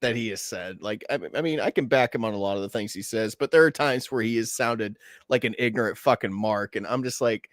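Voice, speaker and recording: A man's voice: lowish voice, brisk, hardly any pauses, no room sound, clean studio sound. A man co-hosting a podcast, talking bluntly in casual banter, swearing and laughing often. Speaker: podcast co-host.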